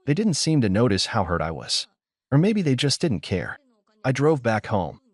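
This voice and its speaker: Low, lively male story narrator. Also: dry recording. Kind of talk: scripted first-person story narration.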